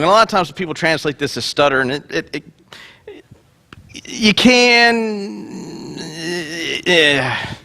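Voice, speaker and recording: A male pastor preaching a sermon in a playful, joking way. His voice sits high and bright. His pitch jumps around a lot as he tells the story. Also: animated, slow pace, vocal fry, long pauses.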